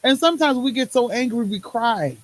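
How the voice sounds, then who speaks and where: Her voice is fairly high, expressive and brisk, captured in a low-quality phone recording. As a podcast host and medical field worker, she gives a personal monologue with emphatic, rhythmic runs of repeated phrases and casual Southern US words like "y'all."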